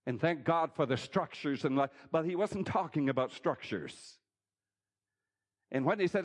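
Animated male preacher with a lively voice. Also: fairly high pitch, normal speed. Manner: animated, swings from loud bursts to quiet asides. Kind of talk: sermon.

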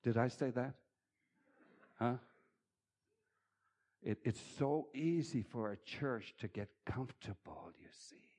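A man preaching a sermon, swinging between loud, emphatic bursts and quiet, chuckling asides. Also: medium pitch, slow pace, long pauses.

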